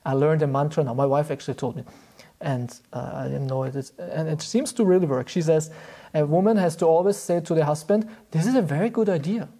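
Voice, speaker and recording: A man's voice: a little high, a little fast. Man giving a devotional talk. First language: German. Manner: chuckles often, relaxed and storytelling. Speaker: spiritual teacher.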